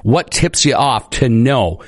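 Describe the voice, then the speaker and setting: An upbeat man announcing on morning radio, chatty and friendly. His voice sits at a middling pitch and sounds close and dry in a studio. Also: lively intonation, slow pace, dry recording. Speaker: radio morning show host.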